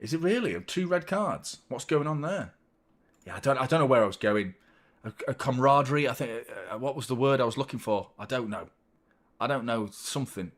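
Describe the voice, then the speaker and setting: Sweary football fan host. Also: male voice, medium pitch, brisk. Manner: animated, sweary banter with a laughing tone. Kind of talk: casual live football chat and commentary.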